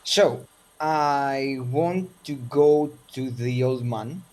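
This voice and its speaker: A man's voice: medium pitch, very slow, a little mellow. A man playing a tabletop game, speaking to the game master and in character with formal, flowery phrasing. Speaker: player. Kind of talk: in-character role-play and table talk.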